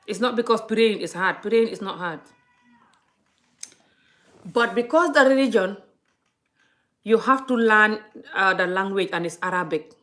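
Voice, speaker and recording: A woman's voice: mid-range voice, unhurried, pauses often, pushed and bright. Earnest woman vlogger from Gambia. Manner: earnest, frequent restarts and repetition. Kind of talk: impassioned casual monologue.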